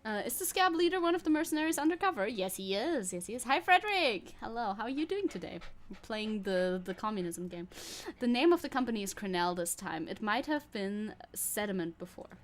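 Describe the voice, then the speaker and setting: A woman's voice: fairly high pitch, sing-song, fairly quick. A woman streamer giving casual gameplay commentary, chatty and giggly, thinking aloud. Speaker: VTuber streamer.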